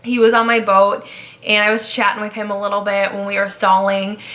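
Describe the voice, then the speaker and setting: A young woman in her twenties tells stories in a relaxed, conversational vlog style. Her voice is bright and forward, at an ordinary pitch for a woman. She keeps an upbeat tone and fills her sentences with casual "like"s. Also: brisk. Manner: chatty, upbeat, frequent "like" fillers. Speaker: vlogger, former theme park ride guide. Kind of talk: casual chat.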